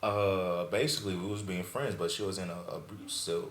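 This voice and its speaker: Deep-voiced young man telling a story. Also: a little fast. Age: young adult. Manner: storytelling, casual slang, frank advice. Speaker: podcast co-host. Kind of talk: casual chat. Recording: echoey room with faint noise.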